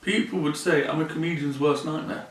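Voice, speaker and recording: A man speaks earnestly and plainly in a personal vlog, often circling back to repeat himself. His voice sits a little high for a man. He sounds some way from the mic, in a room with noticeable echo. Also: a little fast. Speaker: vlogger. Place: room in his mother's home. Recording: roomy sound from a distant mic.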